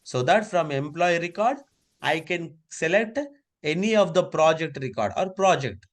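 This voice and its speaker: A man's voice: a little high, lively intonation, moderate pace. Man teaching an online class. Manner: repetitive, step-by-step instructing. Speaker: instructor. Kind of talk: live online class walkthrough. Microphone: video call.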